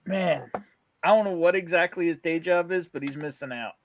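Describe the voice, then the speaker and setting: A man hosting a casual livestream chat, excitable and swearing, laughing often. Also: on the high side, normal speed, a little hiss or hum. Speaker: host.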